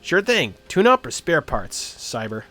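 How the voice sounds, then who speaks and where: Guy putting on a gruff midwestern dude in his 40s, clipped and loud, a bit higher than normal. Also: big pitch swings, measured pace, heavily acted. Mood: cheerful. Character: brusque middle-aged man, gruff then jovial.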